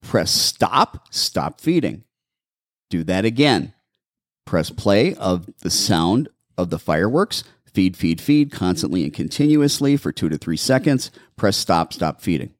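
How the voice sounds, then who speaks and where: A man hosting a pet-advice show as a dog behaviorist, giving animated, step-by-step training instructions in casual chat. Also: low voice, a little slow, no echo, studio quality. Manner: animated, instructive, repeats steps. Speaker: dog behaviorist, podcast host.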